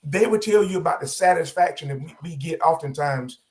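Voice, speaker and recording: A man's voice: fairly high pitch, a little fast. A man co-hosting a radio talk show, chatty and making points with examples while losing his voice. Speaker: co-host. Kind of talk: casual radio panel talk.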